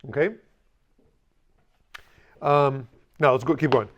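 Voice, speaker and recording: A man's voice: a little high, moderate pace, highs cut off. A man teaching a language class, stressing points emphatically, drilling pronunciation with students and slipping in dry jokes. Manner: dry humorous asides.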